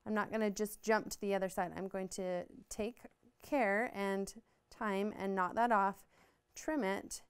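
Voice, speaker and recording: A woman's voice: mid-range voice, smooth. A woman giving a patient, upbeat step-by-step embroidery tutorial, explaining each move as she stitches. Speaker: embroidery instructor.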